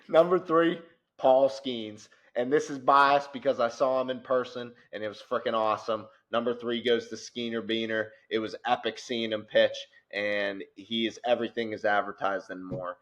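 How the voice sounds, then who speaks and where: A man co-hosting a casual sports podcast, talking animatedly and growing loud and worked up as he rants. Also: mid-range voice, steady tone, normal speed. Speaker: podcast co-host.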